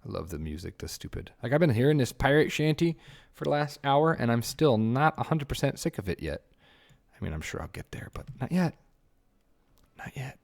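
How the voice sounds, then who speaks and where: A man's voice: mid-range voice, big pitch swings, a little fast, creaky, a little mellow. A man streaming a building game, chatting casually with viewers and muttering to himself in a self-mocking way. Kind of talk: casual livestream chat while building.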